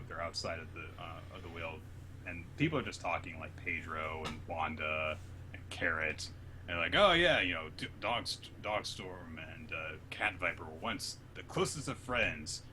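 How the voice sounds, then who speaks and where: A man casually recapping a manga chapter, retelling scenes and acting out the characters' lines in an animated way. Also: low voice, background noise. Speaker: podcast co-host.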